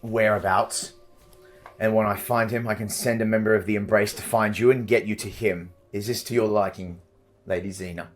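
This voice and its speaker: Casting: male player doing a pompous, menacing otherworldly patron, low and commanding. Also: fairly even intonation, normal speed, soft background music, close to an everyday voice. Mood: smug.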